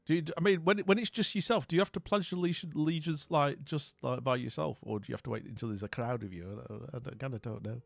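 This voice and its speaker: Speaking fast with few pauses, this British streamer has a creaky, medium-pitched voice. He chats casually with his live audience, wandering off topic and frequently mumbling his way to a stop. It's a dry, close recording with faint music behind.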